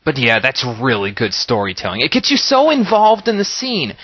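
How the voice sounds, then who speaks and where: A man with a husky, mid-range voice jokes his way through a video game at a moderate pace, talking lively and directly to his viewers. The recording is dry, with the high frequencies cut off.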